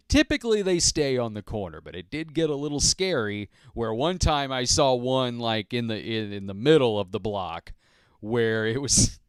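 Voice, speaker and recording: Rambling low-voiced man podcasting. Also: clean tone, no room sound, studio quality. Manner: rambling and self-deprecating, laughs often, acts out quotes. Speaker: podcast host. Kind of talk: casual solo podcast monologue.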